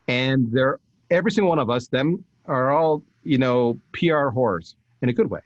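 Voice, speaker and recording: A man, a podcast guest, giving emphatic, animated marketing advice in casual talk. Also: mid-range voice, a little fast, no echo, highs cut off. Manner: energetic, emphatic, animated storytelling with restarts.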